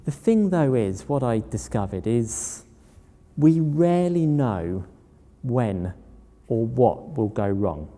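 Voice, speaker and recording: Mellow-voiced man telling stories in a hall. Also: mid-range voice, expressive, slow pace. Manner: anecdotal, plain-spoken storyteller. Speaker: public speaker. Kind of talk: storytelling talk. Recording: long hall reverb.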